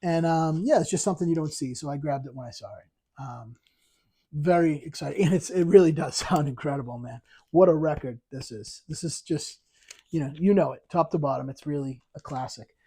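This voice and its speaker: A man chats casually to camera about his latest records, talking with real enthusiasm. He rambles and restarts often, with plenty of ums along the way. His voice sits a little high for a man, with a warm, mellow tone. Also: brisk, breathy edge. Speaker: vinyl collector channel host. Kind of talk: casual record review vlog.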